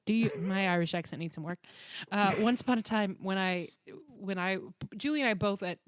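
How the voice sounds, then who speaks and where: A woman co-hosting a podcast, telling stories in an animated, casual way and swearing freely. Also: mid-range voice, brisk, dry recording. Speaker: podcast co-host. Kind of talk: casual chat.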